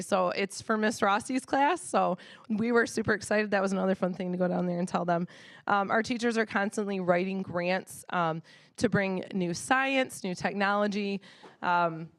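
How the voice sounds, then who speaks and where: An enthusiastic woman in her thirties, a school principal, gives a chatty presentation at a board meeting. She talks casually, with plenty of "um"s and restarts. Her voice sits at an ordinary pitch, picked up close and dry. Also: no echo. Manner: chatty, enthusiastic, with many fillers.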